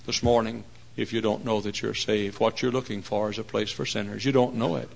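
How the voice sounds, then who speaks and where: A man preaching a lively sermon in a church, bursting into shouts and putting on voices. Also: lowish voice, brisk, vocal fry, poor audio.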